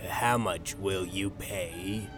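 A man voicing a gruff, hard-nosed sea captain in slow, blunt audiobook dialogue. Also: sits low, over music.

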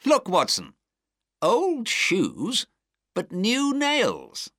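A man voicing an eager male detective in a storybook reading, full of excited, probing questions. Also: sits high, drawn-out words, dry recording, studio quality, voice pushed up, exaggerated voice.

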